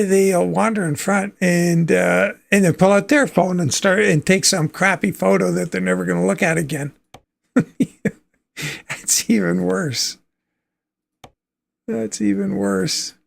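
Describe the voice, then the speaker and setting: A man's voice: sits high, fairly even intonation, normal speed, creaky. A man from Canada hosting a livestream, chatting casually and thinking aloud as he plays a trucking game, with easy chuckles. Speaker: livestream host.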